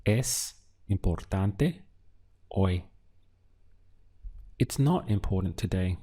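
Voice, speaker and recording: Man, language teacher, unhurried, patient, dark mellow voice. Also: sits low, breathy edge. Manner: calm, patient, pauses for listener to answer. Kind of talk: slow, deliberate language lesson.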